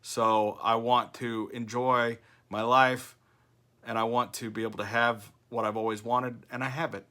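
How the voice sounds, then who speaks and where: An older man vlogging in a casual talking-head style, chatty and animated as he tells stories. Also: mid-range voice, a little slow. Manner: chatty, animated storytelling with quoted voices. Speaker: vlogger host.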